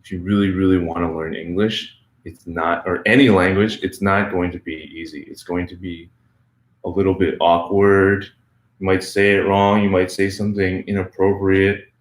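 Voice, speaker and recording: A man hosting an English-learning channel, answering viewer questions in a relaxed, chatty way full of "like" and "um". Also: sits low, moderate pace, reverberant. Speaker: English teacher, channel host.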